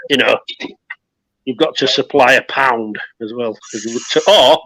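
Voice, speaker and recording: An Englishman, a guest survivalist, chats casually on his phone, walking through how to use his heater kit step by step. His mid-range voice is bright and forceful, his pace measured, and the recording quality is low.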